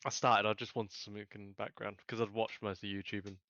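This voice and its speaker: A man's voice: lowish voice, flat delivery, quick pace, pushed and bright, no room sound, highs cut off. A man co-hosting a gaming podcast, unwell with a cold, chatting casually in a rambling way full of fillers and restarts. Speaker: podcast co-host. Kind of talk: casual chat.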